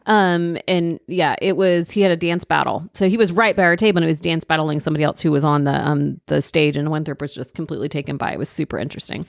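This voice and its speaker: A woman's voice: low-pitched, vocal fry, no echo, clean studio sound. Chatty woman co-hosting a podcast. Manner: chatty, quick to agree and add details. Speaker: podcast co-host. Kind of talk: casual chat.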